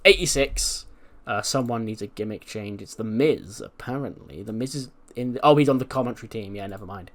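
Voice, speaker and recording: A man casually narrating a wrestling management game playthrough, chatty and relaxed with frequent fillers. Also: fairly low pitch, fairly quick, few pauses. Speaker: game streamer.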